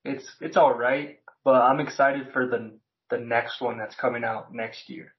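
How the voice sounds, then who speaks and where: A man's voice: medium pitch, fairly even intonation, measured pace, dull audio. A man as a podcast guest, chatting casually in a laid-back way, swearing and using many "like" fillers. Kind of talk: casual chat.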